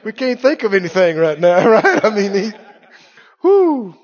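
A male pastor preaching an animated sermon, laughing often and drawing his words out. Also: high-pitched, a little fast, lo-fi sound.

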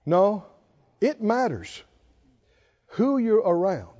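An older pastor preaches an emphatic, folksy sermon sprinkled with humor, captured on a slightly dull lo-fi recording. His voice sits high, swings widely in pitch, and moves slowly with a dark tone.

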